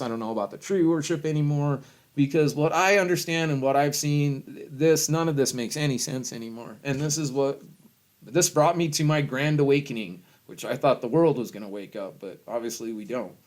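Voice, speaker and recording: A middle-aged man in a rambling, heavily profane rant to camera, with loud swings and frequent chuckles. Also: a little high, moderate pace. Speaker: vlogger.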